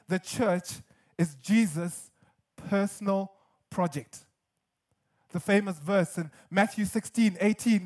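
High-voiced man preaching a sermon. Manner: earnest, emphatic preaching with repetition and light humor. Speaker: pastor.

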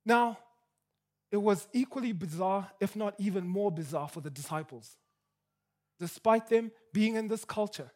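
A male preacher with a strikingly high voice delivers his sermon with lively, emphatic energy. He drops soft and low for asides, then climbs in pitch and volume when he presses a point, stumbling over repeated words.

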